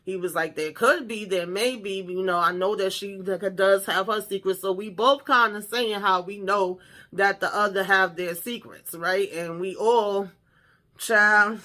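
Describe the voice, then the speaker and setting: A woman hosting a casual reality TV episode recap, talking in an animated, profane, exclamatory way. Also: mid-range voice, unhurried.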